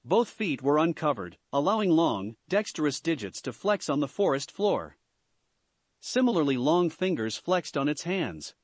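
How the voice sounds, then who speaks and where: Lively-voiced man reading fan fiction. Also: a little high, normal speed, no echo. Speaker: story reader.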